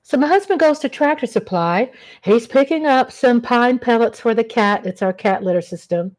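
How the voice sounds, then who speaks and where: A woman's voice: fairly high pitch, expressive, moderate pace, a little mellow. A woman hosting a casual livestream, rambling chattily and greeting viewers by name as she talks. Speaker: livestream host. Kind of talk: casual live-chat monologue.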